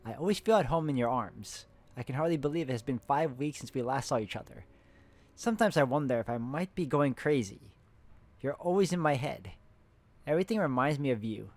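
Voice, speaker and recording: In a co-op puzzle game playthrough, the male host casually reads in-game letters plainly, pausing to chat and laugh with his friend. His voice is medium-pitched, a bit mellow, lively in intonation, and fairly quick.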